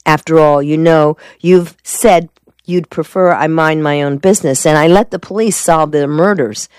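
A woman reading the part of a shrewd, calm male defense lawyer in a storybook, keeping him measured and evasive. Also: low-pitched, clear, resonant tone, dry recording, lightly acted. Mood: cool.

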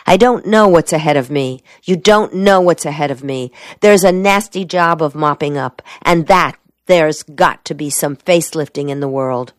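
A woman's voice: sits low, normal speed, hardly any pauses, dry recording, lightly acted. A woman reading the part of a determined young male soldier, speaking swiftly and clipped, in an audiobook. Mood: earnest.

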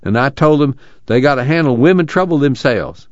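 A man's voice: medium pitch, lively intonation, brisk, dry recording, voice pushed up, close to an everyday voice. A man voicing a stout, indignant camp worker telling tales in a cussing rural drawl. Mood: grumbling. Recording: dull lo-fi dry recording.

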